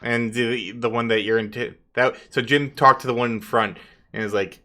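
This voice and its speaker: Bright-voiced game master narrating a tabletop game. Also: male voice, mid-range voice, normal speed. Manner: relaxed, chuckling, loose narration with fillers.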